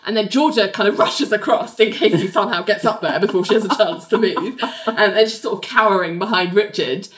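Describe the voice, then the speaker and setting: A woman co-hosting a casual chat, retelling a story in a lively way and laughing often. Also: medium pitch, fairly quick, few pauses, roomy sound.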